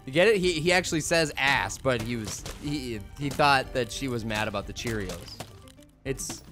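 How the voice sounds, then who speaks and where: A young man who makes gaming YouTube videos gives casual let's-play commentary on a game he's playing, rambling, cracking jokes and mocking himself. His voice is medium in pitch and a bit bright.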